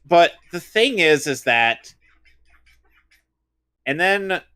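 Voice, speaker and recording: A man's voice: on the high side, sing-song, extremely slow, sharp tone, smooth. A man co-hosting a casual watch-along chat, giving long-winded, opinionated breakdowns. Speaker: co-host.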